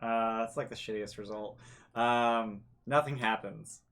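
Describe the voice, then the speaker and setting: A man's voice: fairly low pitch, steady tone, unhurried, a bit bright. A man acting as game master, describing scenes hesitantly and with many fillers. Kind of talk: running a tabletop game.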